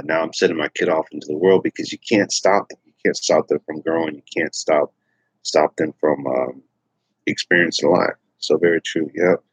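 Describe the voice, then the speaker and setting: A man's voice: rumbling low, breathy edge, no room sound, low-quality recording. A middle-aged man from Texas hosting a casual morning livestream, rambling with many fillers and restarts. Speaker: livestream host.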